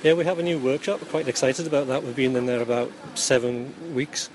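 A man's voice: medium pitch, steady tone, a little fast, darkish tone, a little hiss or hum. Rambling Geordie man, dry humour. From Newcastle, England. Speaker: yarn dyer and former chemistry teacher. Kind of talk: casual interview answers. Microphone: interviewer's phone.

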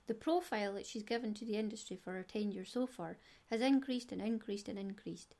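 A woman's voice: mid-range voice, expressive, brisk, vocal fry, mellow. Chatty Scottish woman podcaster. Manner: chatty, digressive, giggly. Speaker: knitting podcast host. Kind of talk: casual solo podcast chat.

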